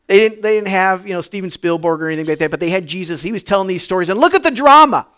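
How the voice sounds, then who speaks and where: Guy preaching w a really high voice, dramatic storytelling, goes loud then hushed, quizzes the crowd. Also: fairly even intonation, rapid-fire, clean tone. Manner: asks the congregation questions. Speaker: pastor. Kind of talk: sermon.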